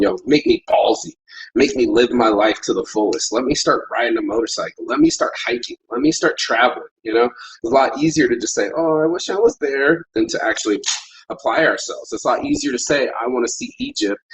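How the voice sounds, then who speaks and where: A man's voice: lowish voice, husky, poor audio. A middle-aged man hosting a morning livestream, giving a rambling, profane pep talk about facing fear while vaping. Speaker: livestream host.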